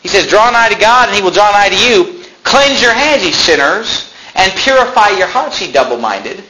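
A man preaching a sermon as pastor, emphatic, swinging between loud peaks and quiet drops. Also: sits high, very animated, normal speed, background noise.

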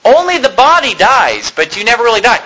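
A man's voice: extremely high pitch, sing-song, brisk, sharp tone, rough recording. A man preaching a sermon, reading scripture and retelling it in plain, conversational terms with frequent rhetorical questions.

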